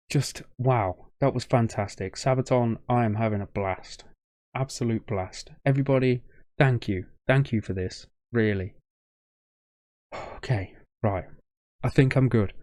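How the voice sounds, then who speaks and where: A man's voice: mid-range voice, warm tone, no echo, clean studio sound. A young man hosting a reaction video, choked up with a shaking voice, rambling and stumbling over his words in casual commentary.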